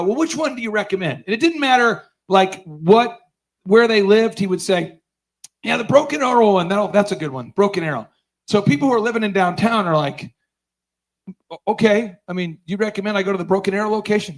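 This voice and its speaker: A middle-aged man telling a comic story as a business conference speaker, loud and animated when he acts out scenes, laughing as he goes. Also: sits high, low-quality recording. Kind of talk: comedic storytelling keynote. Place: conference stage before a live audience.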